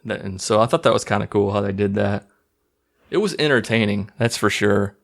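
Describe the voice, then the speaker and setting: A man's voice: lowish voice, fairly quick, creaky. A man hosting his own channel, casually recapping a movie in a rambling, profane, amused way. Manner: rambling, profane, laughing at scenes. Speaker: movie review host.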